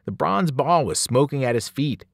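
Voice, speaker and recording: A male teacher reads a novel aloud with dramatic flair, his pitch leaping and falling across every sentence. The recording is close and dry, with no room sound. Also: moderate pace, vocal fry, dry recording. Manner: animated, dramatic storytelling. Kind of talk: novel read-aloud narration.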